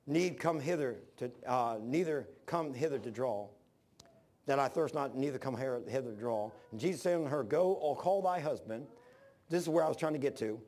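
A man preaching a sermon, telling stories with animated bursts of shouting. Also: medium pitch.

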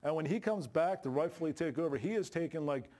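Male pastor, slightly high voice, folksy and joking, sermon from the pulpit. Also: lively intonation, quick pace, darkish tone. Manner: folksy, joking preacher with Southern-style colloquial grammar. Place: church sanctuary. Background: congregation responses.

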